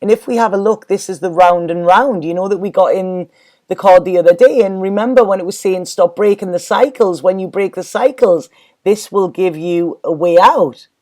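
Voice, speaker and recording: A woman reads tarot cards in a casual vlog. Her voice is mellow and dark in tone, and her pitch sits in the middle range. She rambles along effusively, doubling her words as she goes. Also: moderate pace. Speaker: tarot reader.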